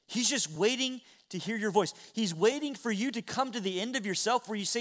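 High-voiced preaching man. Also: expressive, fairly quick, few pauses. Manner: earnest preaching, swings from hushed to loud. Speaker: pastor. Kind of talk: sermon. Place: church sanctuary.

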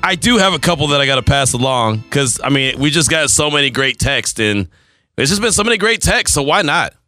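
A man's voice: mid-range voice, very animated, brisk, bright, forceful tone, soft background music. A man in his forties hosting a sports radio show, talking in teasing banter and laughing often. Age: 40s. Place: radio studio.

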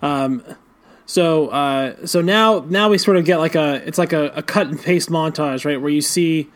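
A man's voice: a little high, moderate pace. A man co-hosting a casual podcast about a comic book, rambling through panels with a loose, filler-heavy manner. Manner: rambling, lots of fillers, laughs into impressions. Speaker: podcast co-host.

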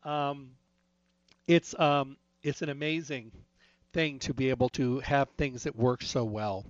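A man's voice: mid-range voice, fairly even intonation, a little slow, no room sound. A man in casual anecdotal chat, talking about health and retelling conversations line by line in a chatty storytelling way. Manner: chatty, storytelling with retold dialogue. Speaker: health talk speaker. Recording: dry, slightly dull lo-fi sound.

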